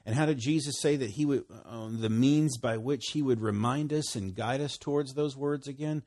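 A man preaching a conversational sermon, swinging between loud emphasis and hushed, quiet lines, with frequent laughs. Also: medium pitch, moderate pace.

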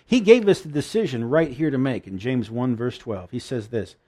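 A man's voice: mid-range voice, animated, moderate pace, mellow. A man preaching a sermon in an earnest, emotional way, often restarting his sentences.

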